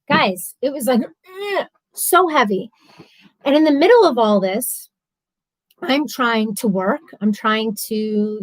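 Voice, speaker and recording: A woman in her thirties talking openly on a live stream, candid and animated, answering viewer comments. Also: a little high, no room sound, low-quality recording. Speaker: vlogger.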